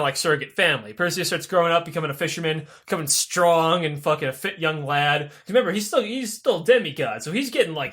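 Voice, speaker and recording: A man hosting a comedy podcast, retelling myths in a profane, animated way and dropping into goofy character voices. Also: on the high side. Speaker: podcast host. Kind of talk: comic storytelling of myths. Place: podcast studio.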